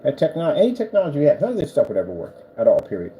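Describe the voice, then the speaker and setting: In this casual vlog, a man with a small screen business talks from his indoor workshop, among boxes and a desk, moving from preaching about faith to playful cooing at his cat. His fairly high voice races along with huge pitch swings and sounds narrow. The audio is tinny, with noise from the room behind him.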